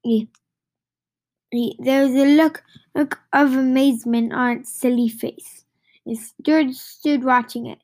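A woman reading a children's book aloud in a halting way, with many restarts and stumbles. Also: high-pitched, steady tone, a little mellow, no echo. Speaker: reader.

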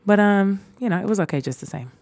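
Animated young woman podcast co-host. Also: mid-range voice, fast, dry recording. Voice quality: animated storyteller, lots of fillers. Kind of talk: casual podcast chat.

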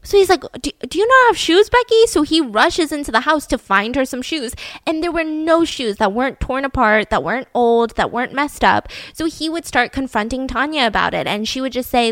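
Chatty woman podcast host, bit high voice, dry close mic, lots of "like". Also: a bit bright, dry recording. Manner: chatty, acts out quotes, lots of "like". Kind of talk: casual true-crime storytelling.

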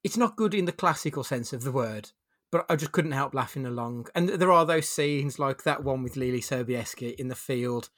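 A man's voice: medium pitch, fairly quick, few pauses, fairly bright tone. A man hosting a casual film review podcast, blunt and wry, with the odd swear. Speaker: podcast host.

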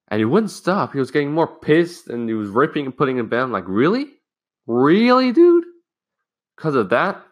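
A young man hosting a casual self-help talk, rambling and swearing as he tells a school story and acts out the people in it. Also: mid-range voice. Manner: rambling, swears freely, acts out quoted lines. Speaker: podcast host.

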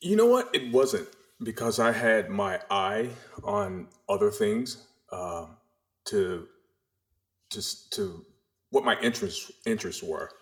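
A middle-aged man with a very deep, low voice and a faint Southern lilt, from the Carolinas. He chats loosely in a guest interview, circling back and restarting sentences as he tells his stories with lively energy. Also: takes it slowly. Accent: faint Southern American. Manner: rambling, animated storyteller with many restarts. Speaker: podcast guest. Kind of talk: casual interview chat.

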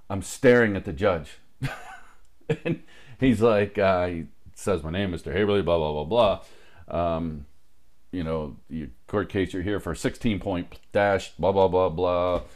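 A man with a very low, deep voice tells a long story in casual chat. He swears freely and acts out what everyone said. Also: measured pace. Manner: profane, animated anecdote-telling with quoted dialogue.

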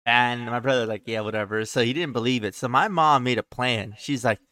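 A man's voice: medium pitch, a little fast, sharp tone, no echo. Dry, profane young man telling stories. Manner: loose and profane, full of "like" and "he's like". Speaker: podcast co-host. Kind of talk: casual storytelling.

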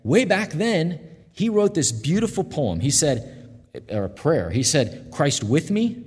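A man preaching a sermon in an earnest, conversational way, slowing and softening when he quotes promises. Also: on the high side, very animated, breathy edge, long reverb tail. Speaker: pastor.

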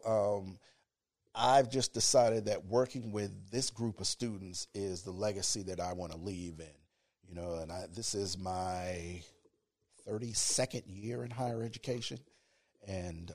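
In a relaxed interview, a college educator in his fifties reflects on things in a deep radio voice. His delivery is unhurried.

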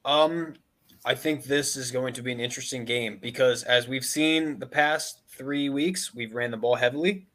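A man co-hosting a podcast, trading dry jokes with the others and then laying out careful sports predictions. His voice is bright and clear. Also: medium pitch, normal speed. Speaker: podcast co-host. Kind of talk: casual podcast chat.

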